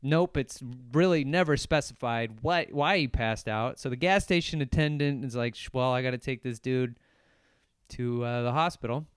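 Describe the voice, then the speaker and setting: A man's voice: medium pitch, normal speed, clear, resonant tone, no echo. A young man hosting a solo podcast, reviewing a horror movie in a profane, sarcastic, rambling rant. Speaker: podcast host.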